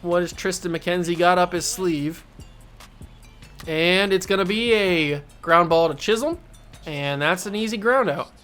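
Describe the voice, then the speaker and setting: A man hosting a gaming channel, giving excitable play-by-play commentary on his own baseball video game, talking to himself and to the game as he plays. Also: high-pitched, measured pace, soft background music.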